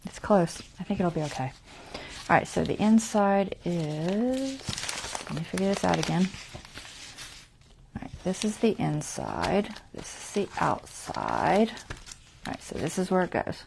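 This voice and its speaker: On a casual craft tutorial livestream, a woman talks herself through each step, chatty and self-mocking, with half-whispered muttered asides. Her gravelly voice is on the low side, swings hugely in pitch, and moves a little slowly with long pauses over a noisy background.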